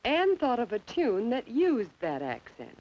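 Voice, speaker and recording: A woman's voice: a little high, wildly swooping pitch, unhurried, a little hiss or hum. Woman narrating a 1950s children's film. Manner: gentle, coaxing, asks the listener questions. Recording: dull lo-fi 1950s film soundtrack with music.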